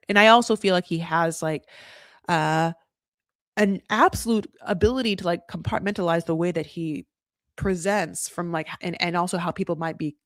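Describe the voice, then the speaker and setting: A woman's voice: lowish voice, no echo, clean studio sound. A woman hosting a casual live recap of a reality show, blunt and opinionated, rambling with lots of "like" and frequent swearing.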